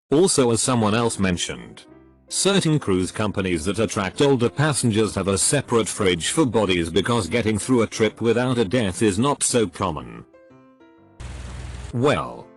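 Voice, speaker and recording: A man narrating a run of internet forum stories in a steady, even reading voice, with faint music behind him. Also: on the low side.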